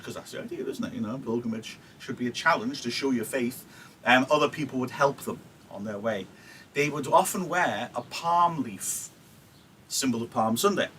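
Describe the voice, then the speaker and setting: A man's voice: mid-range voice, a bit bright, slight background noise, poor audio. A male teacher, giving a chatty live-streamed literature lesson and checking in with "yeah?" asides. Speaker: English teacher.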